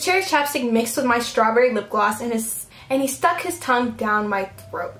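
A woman's voice: a little high, lively intonation, moderate pace, few pauses, fairly bright tone. A young woman reading fan fiction aloud on her video channel, breaking off for giggly, mock-outraged comments. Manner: giggly, mock-outraged asides between read passages. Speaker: YouTuber. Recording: roomy echo, faint background noise.

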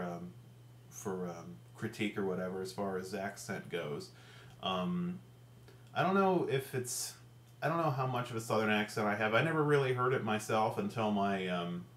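Deep male vlogger, central Ohio accent, very rhotic, halting casual delivery; echoey room, light hum. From central Ohio, USA. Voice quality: strongly rhotic, hard R's. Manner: hesitant, with frequent ums and restarts. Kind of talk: casual talk to camera.

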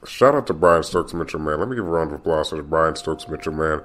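A man with a very low voice hosts his own podcast alone. He rambles in an open, confiding way, restarting and repeating his phrases as he thinks aloud. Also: fast talker, fairly bright tone, slight background noise. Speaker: podcast host. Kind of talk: casual solo podcast monologue.

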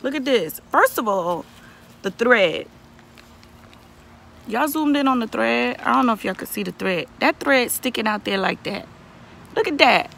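A woman's voice: on the high side, lively intonation, measured pace, gravelly, pauses often, fairly bright tone, a little hiss or hum. A young woman vlogger ranting casually to camera, exasperated and profane, repeating herself for emphasis. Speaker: beauty vlogger reviewing a wig.

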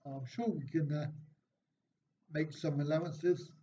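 Man, live-stream host, reads chat jokes aloud, dry self-mocking replies, slightly high voice, muffled sound. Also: a little slow, mellow. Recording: dull, slightly lo-fi stream audio with faint noise.

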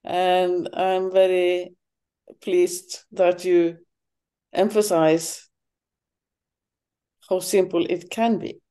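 A woman guest speaking in a slow, thoughtful, halting way during a spiritual conversation. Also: on the low side, flat delivery, warm tone, smooth. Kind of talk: reflective conversation.

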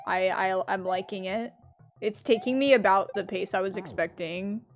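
A woman streaming a platform game, chatting with her viewers, laughing a lot and yelling loudly when she fails. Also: mid-range voice, normal speed, faint music behind. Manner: chatty, laughs often, bursts into loud yells at failures. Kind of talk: casual live-stream commentary.

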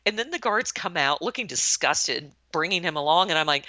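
Speaking fairly quickly with few pauses, this woman in her sixties, a retired American army colonel, shares anecdotes in a podcast interview in a low voice. She brings the quoted lines to life as she talks. The audio is dull lo-fi and dry, with no room sound.

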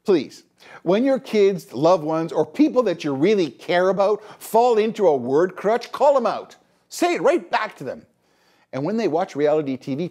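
A man's voice: fairly high pitch, a little mellow. A middle-aged man from Canada hosting a podcast, delivering a scolding, exasperated opinion monologue. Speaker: podcast host.

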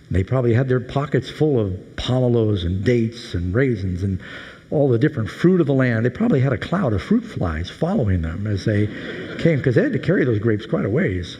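Male pastor, animated and humorous sermon delivery, swooping pitch, big hall reverb.

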